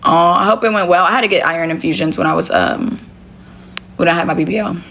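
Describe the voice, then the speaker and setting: A woman's voice: lowish voice, fast, gravelly, fairly bright tone, slight background noise. Blunt, profane woman live-streaming from home. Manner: blunt, profane, talks straight to viewers. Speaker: livestream host. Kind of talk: casual livestream chat.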